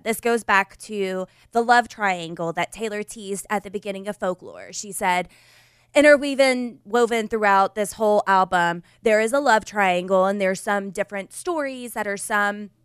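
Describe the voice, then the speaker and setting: A young woman co-hosting a podcast, chatting and musing aloud in a relaxed way. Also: mid-range voice, smooth, no room sound, clean studio sound. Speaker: podcast co-host. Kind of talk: casual chat.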